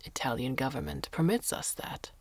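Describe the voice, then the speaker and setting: A woman voicing a calm, stubborn foreign man who speaks halting broken English in a hushed voice. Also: rumbling low, no room sound, in a whisper, heavily acted. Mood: calm insistent. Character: impassive foreign male diver, polite and stubborn.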